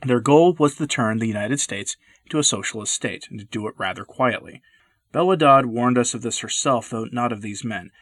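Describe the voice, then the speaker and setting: A man's voice: mid-range voice, brisk, a bit bright, no echo. Earnest man reading commentary, dry close sound. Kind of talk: scripted commentary narration.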